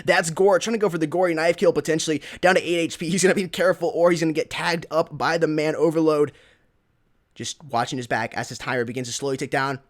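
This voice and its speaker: A young American man casting a live shooter match, getting louder on big plays and chatting between rounds to thank donors. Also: a little high, fast. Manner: excitable, rising to shouts on big plays. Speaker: esports caster. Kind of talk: live game commentary.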